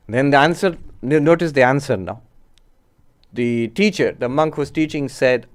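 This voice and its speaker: A man, a monk and spiritual teacher, giving a measured philosophy lecture and stressing points with rhetorical questions to his listeners. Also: medium pitch.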